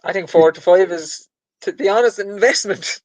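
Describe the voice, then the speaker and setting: A man's voice: high-pitched, normal speed, no room sound, poor audio. A man co-hosting a podcast, talking casually about betting in an easygoing, self-deprecating way. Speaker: podcast co-host.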